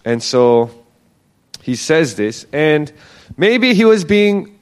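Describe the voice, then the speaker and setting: A man with a fairly high voice leads a relaxed Bible teaching. His pitch rises and falls a great deal as he talks it through. He keeps it chatty and acts out the quoted lines. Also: slow, clear, resonant tone.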